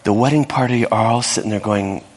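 Male pastor, lowish voice, animated sermon storytelling, long hall reverb. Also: fairly quick.

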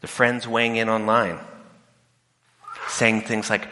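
A man giving an animated talk to an audience, acting out the voices of the people he quotes. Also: on the low side, slow pace, pauses often. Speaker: speaker. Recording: long hall reverb.

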